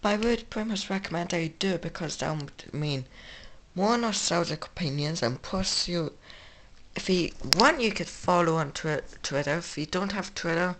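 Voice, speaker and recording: A woman's voice: lowish voice, moderate pace, fairly bright tone. A woman with an English accent hosting a casual gaming retrospective, rambling and correcting herself as she goes. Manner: rambling, self-correcting, offhand. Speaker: video game channel host.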